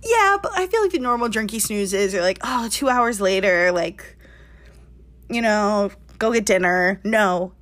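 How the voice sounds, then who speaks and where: A woman in her twenties telling a lively story on a casual podcast, laughing often and saying "like" a lot. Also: medium pitch, a little slow. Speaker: podcast co-host.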